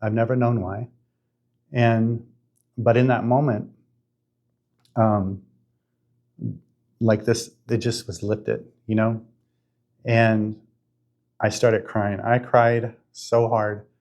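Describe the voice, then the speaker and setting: A man in his fifties hosting a podcast, telling a spiritual story in an earnest, halting way with many restarts. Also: fairly low pitch, little pitch movement, a little mellow. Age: 50s. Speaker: podcast host.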